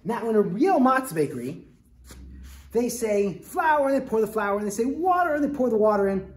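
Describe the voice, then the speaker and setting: Using a fairly high, very animated voice at a moderate pace, a woman guides children through a hands-on lesson, upbeat and encouraging as they do call-and-response together. The recording has echo and faint background noise.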